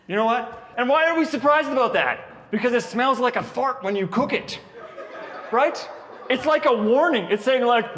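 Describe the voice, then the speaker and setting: Animated dad doing stand-up. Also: male voice, sits high, fast, long reverb tail. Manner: animated storytelling, puts on kids' voices. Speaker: stand-up comedian, father. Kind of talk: stand-up comedy at a birthday party.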